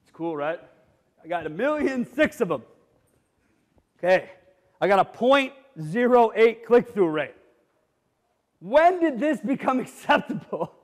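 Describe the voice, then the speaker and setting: Brief: middle-aged male conference speaker, blunt, jokey, high voice, long hall reverb. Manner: animated, blunt, jokey, rising to near shouts. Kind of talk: energetic keynote presentation. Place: conference hall with live audience.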